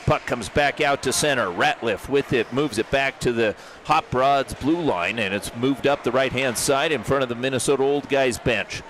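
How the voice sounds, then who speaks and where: A man doing live play-by-play of an amateur hockey game, brisk and jokey, rising to shouts on big plays. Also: medium pitch. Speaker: play-by-play commentator. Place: hockey arena broadcast booth. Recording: rink commentary with loud crowd and arena noise.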